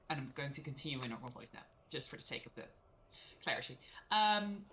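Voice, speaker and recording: A woman's voice: low voice, animated, a little fast, pushed and bright, slight background noise, rough recording. A woman playing a tabletop role-playing game, talking casually and thinking aloud with frequent laughs. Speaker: player.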